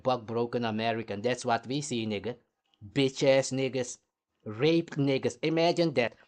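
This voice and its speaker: A man hosting a heated, combative commentary rant, swearing throughout. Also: mid-range voice. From Caribbean. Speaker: host.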